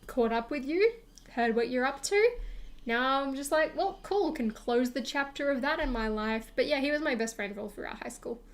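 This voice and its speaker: A woman's voice: sits high, normal speed. Chatty young woman telling a story. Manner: chatty, rambling with many fillers and acted-out quotes. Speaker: streamer. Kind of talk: casual storytime chat.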